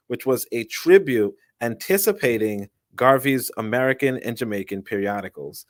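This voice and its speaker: Halting man reading aloud, dry sound. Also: medium pitch, dry recording. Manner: halting, self-correcting, chatty asides. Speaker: channel host reading a book aloud. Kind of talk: casual live reading with asides.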